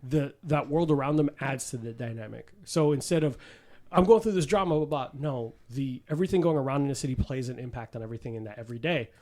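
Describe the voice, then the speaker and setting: A man hosting a casual podcast chat, retelling film and show scenes with lots of swearing and quick impressions. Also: mid-range voice. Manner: animated storyteller, swearing, acting out film scenes. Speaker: podcast host.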